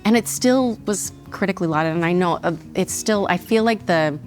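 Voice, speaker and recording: A woman from Texas talks in a relaxed, laughing way as a guest over a meal. Her voice sits a little low for a woman. Soft guitar music plays faintly underneath. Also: normal speed. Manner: chatty and animated, laughs often. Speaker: guest, voice actress. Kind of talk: casual interview over a meal. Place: studio kitchen.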